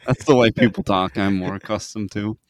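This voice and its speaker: A man's voice: lowish voice, a little fast, no room sound. A man chatting casually on a podcast and throwing in dry wisecracks. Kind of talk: casual chat.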